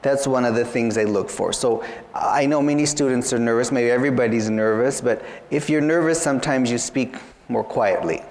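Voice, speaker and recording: A man's voice: medium pitch, moderate pace, a little mellow. Male tutor, mid-range voice, patient and repetitive, recorded with a long hall echo. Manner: patient, repeats points, many "you know" fillers. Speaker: English interview tutor. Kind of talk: explaining exam tips to students.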